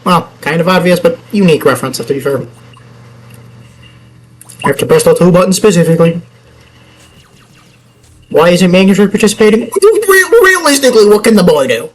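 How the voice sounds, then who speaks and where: A man's voice: high voice, brisk, long pauses, poor audio. A young man chatting through a video game let's play, rambling and joking with himself and the game as he goes. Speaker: gaming channel host.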